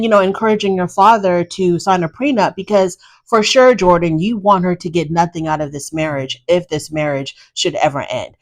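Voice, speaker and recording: A woman with a fairly low voice gives a casual recap of a reality TV episode. She is blunt and sassy and talks straight to the people she is discussing.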